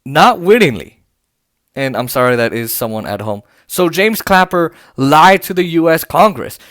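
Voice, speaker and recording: A man's voice: a little high, expressive, normal speed, fairly bright tone, dry recording, clean studio sound. A man hosting a political commentary podcast, sarcastic and indignant, reading posts aloud with many fillers and restarts. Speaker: podcast host. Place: home.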